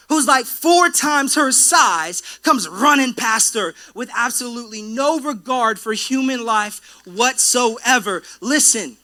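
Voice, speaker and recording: Young guy pastor, kinda high bright voice, joking around with the church crowd. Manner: playful, conversational storytelling with asides to the congregation. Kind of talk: sermon. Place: church auditorium.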